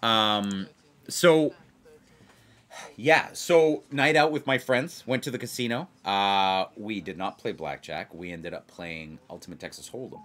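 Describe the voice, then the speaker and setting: A man hosting a blackjack video, chatting casually and excitedly as he plays. He repeats himself for emphasis and keeps talking straight to his viewers. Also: lowish voice, a little slow. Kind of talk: casual chat while playing blackjack.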